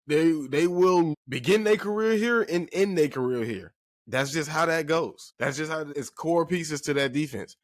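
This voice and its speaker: A man's voice: medium pitch, no room sound, clean studio sound. A man hosting a sports podcast in casual talk, emphatic and repeating phrases for effect while addressing listeners directly.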